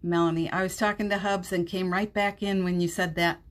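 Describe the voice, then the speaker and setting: A woman hosting a live-streamed motivational podcast from home, chatting warmly, laughing often and reading viewer comments aloud. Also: fairly low pitch, steady tone, brisk. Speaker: podcast host. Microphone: streaming setup at home.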